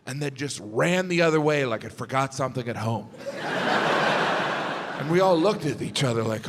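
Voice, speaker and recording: Animated stand-up comic man in echoing theater. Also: mid-range voice, normal speed, pauses often. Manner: animated storytelling, acting out both sides of conversations. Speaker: stand-up comedian. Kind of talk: stand-up comedy set. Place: large theater stage. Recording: live theater with long reverb and audience noise.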